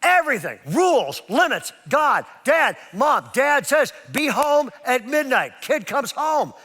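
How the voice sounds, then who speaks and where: A middle-aged pastor preaching to a seminar audience, telling stories with lively jokey asides. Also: male voice, very high-pitched, measured pace. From California. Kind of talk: sermon at a parenting seminar. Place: large church auditorium. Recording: long reverb of a large church hall.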